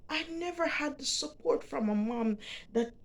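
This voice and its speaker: A middle-aged woman with a Jamaican accent, telling a personal story to camera in a halting, heartfelt way, often repeating words. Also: sits high, lively intonation, vocal fry. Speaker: vlogger.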